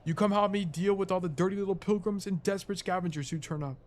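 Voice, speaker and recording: A man's voice: sits high, quick pace, voice pushed up, lightly acted. A man voicing a grouchy male bug caretaker in a put-on English accent, reading game dialogue aloud and scolding.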